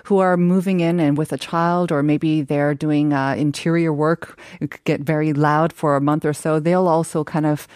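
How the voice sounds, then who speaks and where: Measured, soft-spoken woman, low and dry. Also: steady tone, clear, resonant tone, no echo. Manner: thoughtful, measured, frequent fillers. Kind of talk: casual discussion.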